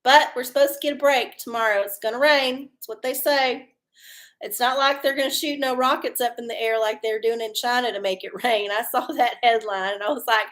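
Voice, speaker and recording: A woman with a drawl talks casually to her live-stream audience, rambling from one story to the next. Her voice sits high, and her chat is folksy, loose and sprinkled with swearing and laughter. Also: fairly even intonation, brisk, a bit bright. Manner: chatty, folksy, swears freely and laughs often. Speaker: livestream host doing oracle readings.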